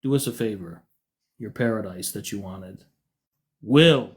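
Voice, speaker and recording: A man's voice: lowish voice, a little slow. A man from the United States hosting a livestream, arguing with callers in a combative, mocking way. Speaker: livestream host. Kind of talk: heated livestream argument.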